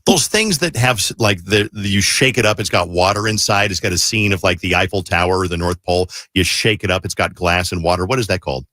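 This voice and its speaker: A man's voice: deep voice, pushed and bright, dry recording, clean studio sound. A man hosting a morning radio show, chatting and joking in a loose, rambling way. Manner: chatty, joking, drawn-out asides. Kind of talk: casual radio banter. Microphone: studio microphone.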